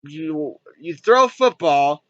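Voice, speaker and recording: A man retells a film in a loose, rambling way, with his sentences strung together by fillers. His voice sits fairly high and sounds bright and sharp. The recording is dry and dull, like lo-fi home audio. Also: expressive, takes it slowly, dry recording. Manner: rambling, heavy on fillers like "and everything". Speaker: movie reviewer. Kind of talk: casual rambling recap.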